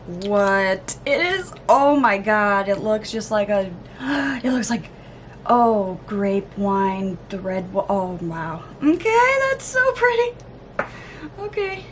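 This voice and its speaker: A woman vlogger chatting casually through an unboxing, gushing, gasping and cooing with excitement. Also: mid-range voice, very slow, a little hiss or hum. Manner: gushing, excitable, lots of gasps and oohs. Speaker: beauty vlogger.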